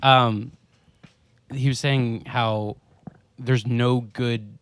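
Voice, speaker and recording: A man's voice: mid-range voice, fairly even intonation, drawn-out words, fairly bright tone, clean tone. A young man in his twenties hosting a podcast, chatting casually with friends, rambling and laughing as he talks. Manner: laid-back, rambling with restarts and laughs. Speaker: podcast host. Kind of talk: casual chat.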